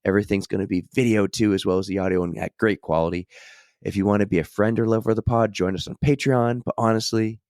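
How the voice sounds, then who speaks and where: A man hosting a casual podcast intro, hoarse and losing his voice, chatty and jokey. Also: lowish voice, steady tone, fast talker, a little mellow, no room sound, clean studio sound. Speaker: podcast host.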